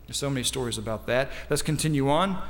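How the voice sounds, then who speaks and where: A man preaching a sermon as pastor, reading scripture quietly and then building to emphatic, rising climaxes. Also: medium pitch, expressive, fast talker. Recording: long reverb of a large hall.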